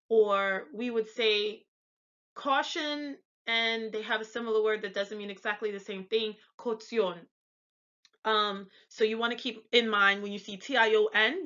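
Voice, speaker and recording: An American woman tutoring pronunciation in a bright, sharp voice pitched a little high. She talks in a chatty way and slows down to repeat example words. The sound is slightly dull and lo-fi. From United States. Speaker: language tutor. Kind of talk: pronunciation lesson.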